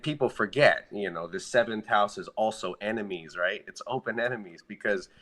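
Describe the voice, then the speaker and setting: A man speaking as a podcast guest, chatting casually and warmly about astrology over a video call. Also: on the low side, normal speed, slight background noise. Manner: friendly, chatty, loose phrasing. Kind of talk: casual astrology chat over a live stream.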